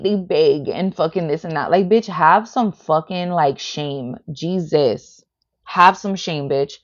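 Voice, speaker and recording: A woman's voice: lowish voice, highs cut off. A woman reading tarot on a livestream, blunt and heavily profane, filling her talk with "like". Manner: profane and blunt, heavy "like" and "bitch" fillers. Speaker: tarot reader.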